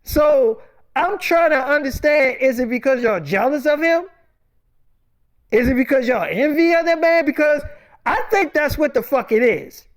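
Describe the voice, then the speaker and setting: A woman with a high voice tells a story casually. Her delivery is emphatic and full of profanity. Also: animated, moderate pace.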